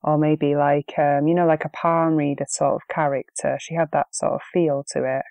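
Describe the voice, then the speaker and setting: A woman with a low, warm voice co-hosts a relaxed film review podcast. She chats easily, with frequent ums, and the sound is close and dry. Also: moderate pace, vocal fry, no room sound. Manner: easygoing, chatty with frequent ums. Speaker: podcast co-host. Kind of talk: casual film review chat.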